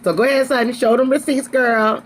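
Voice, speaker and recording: A woman's voice: fairly high pitch, fairly even intonation, a little fast, a little hiss or hum. Sassy woman recapping reality TV. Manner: sassy, emphatic, calls listeners honey and girl. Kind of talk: casual video review.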